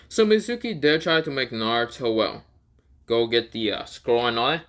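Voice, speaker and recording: A man's voice: mid-range voice, very animated, normal speed, fairly bright tone. A man telling a fan story casually, rambling with fillers, swearing and laughing.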